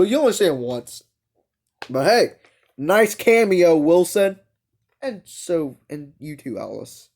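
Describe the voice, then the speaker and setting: A man's voice: fairly high pitch, a little mellow. A young man giving a casual, unscripted book review, rambling and hesitant and often correcting himself.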